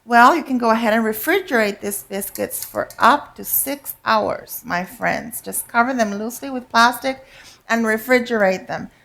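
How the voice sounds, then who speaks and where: A woman leads a live cooking demonstration in a teaching kitchen, explaining each step in a chatty, instructive way. Her voice sits a little high, and she keeps checking that her audience is following along. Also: normal speed, creaky, fairly bright tone.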